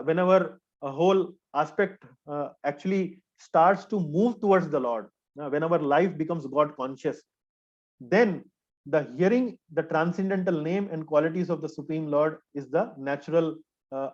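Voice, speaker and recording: A man teaching a scripture class in an earnest, repetitive way, pausing often with hesitant fillers. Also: a little high. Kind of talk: explanatory spiritual lecture. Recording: dull lo-fi recording.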